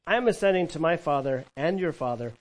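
A man preaching a sermon with a slightly high-pitched voice. He is animated and swings between soft, intimate stretches and louder emphatic ones. He keeps asking the congregation questions as he goes. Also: quick pace, poor audio. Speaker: pastor.

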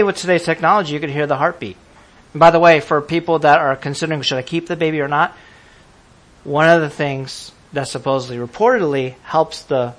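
A man preaching a sermon to a congregation, lively and laughing as he acts out how people would react. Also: a little high. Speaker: pastor.

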